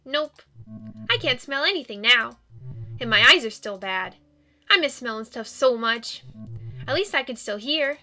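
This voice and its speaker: Woman voicing a sweet young boy dog ghost, bubbly and childlike, bright tone, unhurried. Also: on the high side, expressive, faint music behind, exaggerated voice. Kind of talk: video game character reading.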